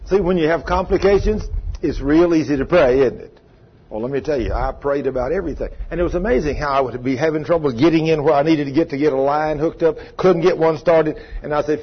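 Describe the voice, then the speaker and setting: A man's voice: a little high, a little fast, breathy edge. An older man, preaching a conversational sermon in a folksy, earnest way and often asking his listeners questions. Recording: dull lo-fi recording.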